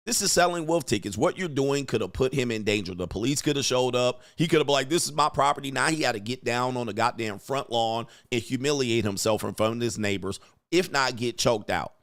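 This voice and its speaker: A man's voice: mid-range voice, brisk, dry recording, studio quality. A man hosting a reaction commentary, talking bluntly and emphatically with a lot of profanity. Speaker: commentary host and coach.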